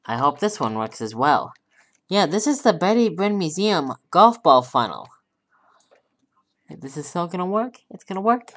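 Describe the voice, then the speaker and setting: A woman giving casual commentary over her own gameplay, swinging from quiet hoping to gleeful cheering and calling her viewers dudes. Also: fairly low pitch, big pitch swings, moderate pace. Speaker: gameplay video creator.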